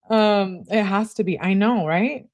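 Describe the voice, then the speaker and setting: A woman's voice: mid-range voice, a little mellow. A young adult woman hosting a casual livestream, reading text messages aloud and chatting with viewers between them. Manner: reads messages aloud, interjects reactions to chat.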